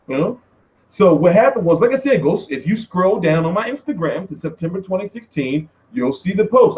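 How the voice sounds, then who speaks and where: A man hosting a casual boxing Q&A stream, talking loosely and profanely, with loud, high-pitched outbursts when he tells a story. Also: poor audio. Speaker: boxing show host.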